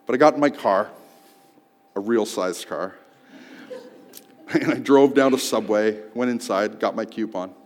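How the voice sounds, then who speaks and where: A man telling a personal story in a sermon, swinging from loud outbursts to hushed tones. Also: fairly low pitch, unhurried, long pauses. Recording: long hall reverb.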